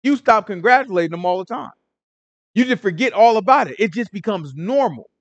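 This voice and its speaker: A man teaching a Bible study in loose, slangy conversational talk, animated and often checking in with his listeners. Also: sits high, a little fast, no echo, lo-fi sound. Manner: animated, slangy, keeps asking listeners "right?".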